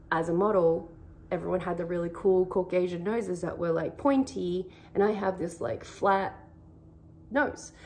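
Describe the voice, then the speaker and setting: A woman's voice: on the low side, darkish tone, slight background noise. A young woman, casually giving faith-based advice in an earnest, rambling way, saying "like" a lot. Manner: earnest, rambling, heavy use of "like". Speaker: vlogger.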